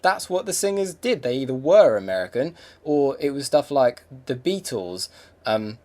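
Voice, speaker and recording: A man's voice: mid-range voice, sing-song, moderate pace, darkish tone. A young English man hosting a podcast, talking in a rambling, reflective monologue with many fillers and restarts. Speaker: podcast host. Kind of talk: casual monologue.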